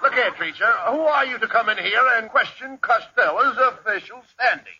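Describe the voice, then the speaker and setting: A man's voice: very high voice, expressive, normal speed. A man playing the straight man in a 1940s radio comedy, scolding his partner in an exasperated way. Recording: muffled old radio broadcast with loud hiss.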